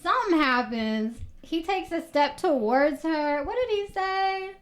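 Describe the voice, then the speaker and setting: A young woman co-hosting a casual book-club talk show, reacting expressively with quick asides and frequent laughs. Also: very high-pitched, animated. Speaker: podcast co-host.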